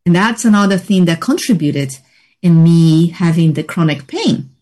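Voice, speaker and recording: A woman guest in an interview, telling a personal story in a reflective, measured way with frequent pauses. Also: on the low side, lively intonation, warm tone. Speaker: interview guest, healing practitioner.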